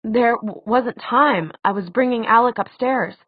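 A woman's voice: on the high side, a little slow, breathy edge, no room sound. A woman voicing a teenage boy who sounds puzzled. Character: teenage boy, surprised young fighter. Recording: tinny phone-like dry sound.

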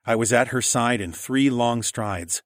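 A man narrating a story in the first person, soft and even. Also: mid-range voice, measured pace, no room sound, clean studio sound. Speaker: audiobook narrator.

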